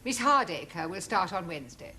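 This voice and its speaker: Give me a cold, formal principal with a bright, sharp voice. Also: female voice, lowish voice, sing-song, normal speed, slight background noise. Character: stern, prim female school principal.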